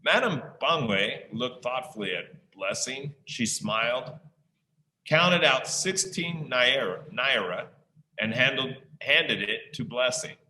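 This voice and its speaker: Guy teaching, reads a story to his class then quizzes them, super bright voice in an echoey room. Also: mid-range voice, lively intonation. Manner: slow, pausing to quiz listeners. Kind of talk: reading a story aloud to a class.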